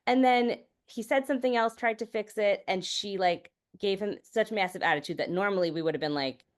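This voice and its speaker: A woman's voice: medium pitch, fairly quick. A woman chatting casually on a podcast, telling candid family stories, swearing freely and filling her speech with "like" and "you know". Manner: many fillers like "like" and "you know". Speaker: podcast guest. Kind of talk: casual chat.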